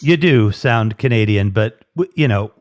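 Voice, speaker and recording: A man's voice: fairly low pitch, expressive, normal speed, dull audio. A man hosting a casual live interview, rambling and repeating himself as he reads out viewer comments. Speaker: host.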